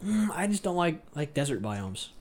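A man's voice: fairly high pitch, sing-song, normal speed. Blunt, cursing young man from Iowa. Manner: blunt, profane, opinionated. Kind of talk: casual chat.

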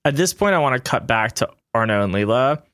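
A man's voice: mid-range voice, animated, a little fast, fairly bright tone, no echo. A man narrating as game master, loose and hesitant, with fillers and light laughs.

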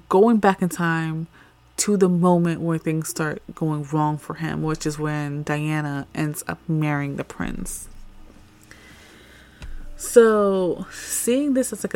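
A woman's voice: lowish voice, vocal fry. A woman podcast host casually retelling a comic's story in a chatty, slangy, profane way, full of "like". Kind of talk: casual plot recap.

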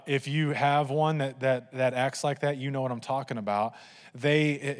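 A pastor preaching a sermon, telling funny family stories to his congregation in an animated way. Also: mid-range voice, long reverb tail. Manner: animated, humorous storytelling to a congregation.

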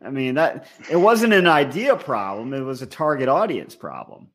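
Podcast co-host, man, animated pitch, wry deadpan humor. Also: moderate pace. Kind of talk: casual chat.

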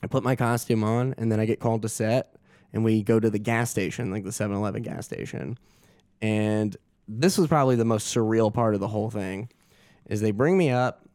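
A man's voice: on the low side, a little fast, clean tone, no room sound, clean studio sound. A young adult man, a guest actor, telling a story casually and acting out the quotes with laughs. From Augusta. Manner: animated, laughing, acts out quotes.

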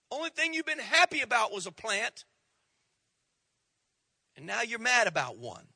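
A man preaching a sermon as pastor, swinging between loud rising outbursts and hushed drops. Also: extremely high pitch, huge pitch swings, moderate pace, gravelly, pauses often, slightly rough, dry recording.

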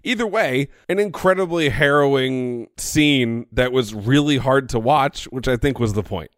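Smooth-voiced man musing over a show. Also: medium pitch, a little slow, no echo, clean studio sound. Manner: reflective, poses questions. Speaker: podcast co-host. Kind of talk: casual recap chat.

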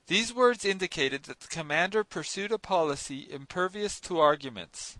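Audiobook narrator: a man with a formal, earnest delivery, bright and high, in a close, dry recording. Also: lively intonation, moderate pace, few pauses, dry recording. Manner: formal, earnest, first-person telling. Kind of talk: scripted narration of a classic novel.

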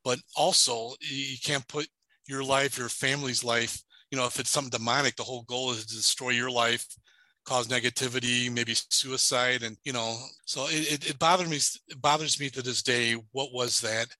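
Very bright-voiced man telling a tale. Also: medium pitch, fairly even intonation, dry recording, low-quality recording. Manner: halting, repeats words and restarts. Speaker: paranormal investigator, podcast guest. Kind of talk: telling a personal story in an interview.

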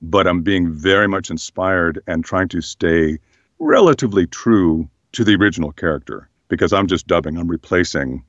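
Casual guest: hoarse, very deep-voiced man, reflective, on a muffled lo-fi track. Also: moderate pace, no echo. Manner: relaxed, thoughtful, many fillers. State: slightly hoarse. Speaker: voice actor guest. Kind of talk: casual interview chat.

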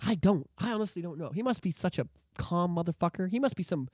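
Canadian male co-host, fast, swooping, hot-headed profane ranter. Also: high-pitched, lively intonation, dry recording. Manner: heated, profane ranting with shouted outbursts; jokey, sarcastic asides. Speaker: podcast co-host. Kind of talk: casual political chat.

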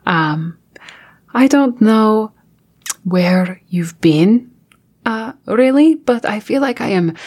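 A woman playing a tabletop game, talking in an anxious, expressive way and swearing freely. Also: lowish voice, vocal fry, slightly rough. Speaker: player. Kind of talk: casual tabletop role-play.

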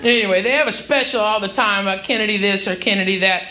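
A male stand-up comedian performing a brash, profane, mocking set on a comedy club stage, shouting his punchlines. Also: high voice, quick pace. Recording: live club recording, roomy, crowd noise. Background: audience laughter.

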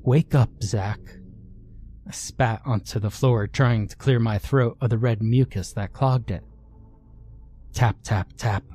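A man narrating a horror story in a measured, deliberate way. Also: mid-range voice, fairly even intonation, a little mellow.

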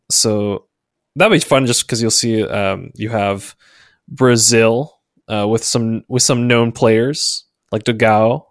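A man's voice: lowish voice, no echo. Man, podcast host, casual talk, frequent laughs, dry close sound. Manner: laughs often, hesitant with fillers. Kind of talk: casual chat.

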